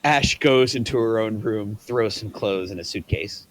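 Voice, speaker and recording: A man reads scene directions aloud for a table read. His delivery is plain and even, setting each scene. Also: fairly low pitch, unhurried. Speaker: narrator reading stage directions.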